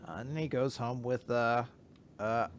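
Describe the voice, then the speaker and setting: A man's voice: mid-range voice, moderate pace. A man hosting a casual podcast, retelling a manga chapter with many fillers. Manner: animated storytelling, many fillers. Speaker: podcast host. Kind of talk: casual manga recap chat.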